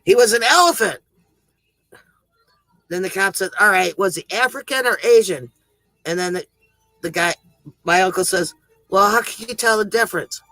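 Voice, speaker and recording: Bright, high man telling corny jokes. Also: moderate pace, no room sound, low-quality recording. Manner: chuckles at his own jokes; rambling, self-interrupting delivery. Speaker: livestream joke teller. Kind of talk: casual joke telling on a livestream.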